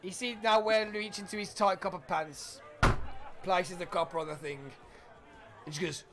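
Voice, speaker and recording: A man narrating a tabletop game as game master, lively and laughing often. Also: sits high, normal speed.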